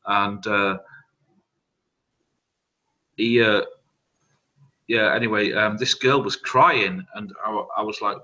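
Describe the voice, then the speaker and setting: A man, telling rambling, halting party stories with a lot of swearing in an open online hangout. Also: lowish voice, sharp tone, low-quality recording. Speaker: hangout participant. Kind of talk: casual storytelling.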